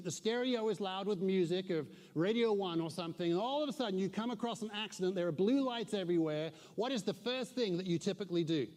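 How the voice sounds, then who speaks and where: Pastor preaching in a reverberant hall. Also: male voice, high voice. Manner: storytelling, dropping to a hushed voice in tense moments. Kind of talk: sermon. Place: large church hall with a live congregation.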